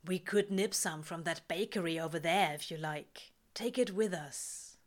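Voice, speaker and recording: A woman voicing a laid-back male demon in a low, dry, quietly coaxing voice. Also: measured pace, lightly acted. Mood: teasing.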